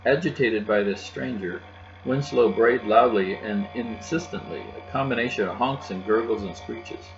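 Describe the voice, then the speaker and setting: A man reading a children's novel aloud in a steady, gentle narration. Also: on the low side, moderate pace. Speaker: audiobook narrator. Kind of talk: children's book read aloud. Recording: dull lo-fi with faint music and hum.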